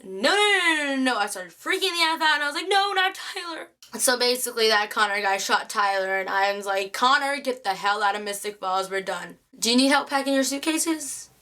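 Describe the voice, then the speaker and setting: A young woman chatting excitedly through a TV episode recap, acting out the characters' lines. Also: medium pitch, brisk, few pauses. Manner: chatty, excitable, acts out quotes. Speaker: TV recap vlogger.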